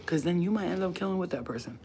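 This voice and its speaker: A woman talks to her viewers from home in a low voice. She is blunt and profane, animated one moment and close to a whisper the next. A faint hiss sits under the recording. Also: fast talker. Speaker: spiritual channel host. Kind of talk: casual straight-to-camera chat.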